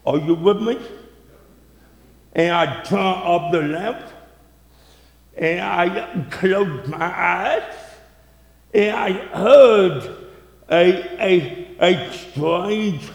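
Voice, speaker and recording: A man preaches with a high voice, telling a story at a slow, deliberate pace. He swings from loud outbursts to hushed tones. The sound rings around a large echoey hall. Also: vocal fry. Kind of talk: storytelling sermon.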